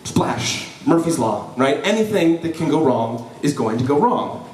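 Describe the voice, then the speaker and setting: A young man telling a personal story live before an audience, lively and joking, with frequent "right?" asides to the crowd. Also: a little high, measured pace. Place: event hall before an audience. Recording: roomy hall, voice from a distance.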